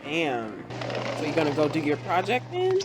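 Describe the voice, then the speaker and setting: A woman with a low voice that swings a lot in pitch. She talks bluntly, cracks jokes and swears, with a TV show's music playing clearly behind her. The talk is loose and off the cuff. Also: wildly swooping pitch, moderate pace. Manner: blunt, joking, swears freely. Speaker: host. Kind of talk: casual rewatch commentary.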